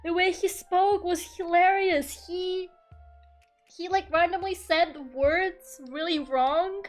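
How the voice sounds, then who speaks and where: A woman's voice: extremely high pitch, fairly even intonation, takes it slowly, soft background music. A young woman streaming her art, chatting casually and rambling, laughing often and swearing freely. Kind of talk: casual chat while drawing.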